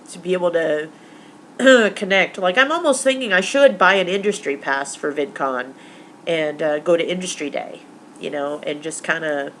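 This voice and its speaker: A woman's voice: low voice, a little hiss or hum. A young woman recapping her week to camera in a casual vlog, rambling with lots of fillers. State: tearful, emotional; recovering from stomach flu. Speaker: vlogger.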